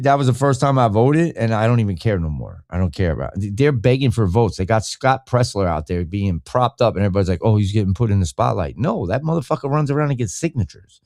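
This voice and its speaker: Male podcast host, casual live-stream chat, rambling and profane, pitch swinging widely up and down. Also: a little mellow.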